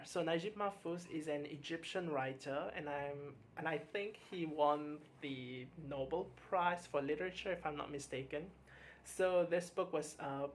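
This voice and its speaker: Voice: mid-range voice, a little hiss or hum. A book vlogger chatting casually about their reading, hesitant, with frequent stammered restarts and fillers, candid and mildly exasperated. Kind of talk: casual book review chat.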